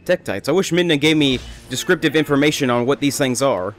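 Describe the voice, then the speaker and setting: A man's voice: mid-range voice, expressive, a little fast. A young man rambling chattily through casual gameplay commentary as a let's play host. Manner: rambling, chatty, self-amused.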